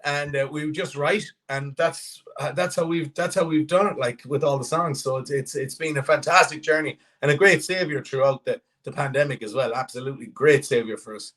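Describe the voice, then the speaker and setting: A man's voice: fairly high pitch, a little fast, few pauses, a bit bright. An Irish man from the west of Ireland, a country singer chatting upbeat as a radio interview guest, often restarting his sentences. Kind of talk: casual radio interview chat.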